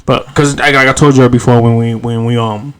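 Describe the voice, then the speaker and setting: A man's voice: medium pitch, steady tone, fairly quick, clear, resonant tone. Slangy casual podcast host, a man. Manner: loose, slangy, swears freely, laughs easily. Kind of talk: casual chat.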